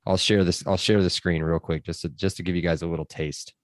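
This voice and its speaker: A man's voice: low-pitched, fairly even intonation, quick pace, dry recording, studio quality. A man hosting a casual sports podcast, chatty and loose with lots of fillers. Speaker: podcast host.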